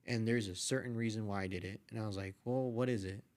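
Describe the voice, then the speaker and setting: A young man, a podcast guest, casually telling a story with lively quoted voices and frequent swearing. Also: on the low side, quick pace. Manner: animated retelling, acts out quoted voices, swears freely. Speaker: podcast guest, artist and photographer.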